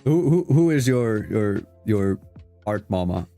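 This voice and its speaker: A man's voice: on the low side, sing-song, measured pace, gravelly, warm tone, soft background music. A man hosting a casual interview, laughing often, swearing loosely and restarting his sentences. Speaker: host.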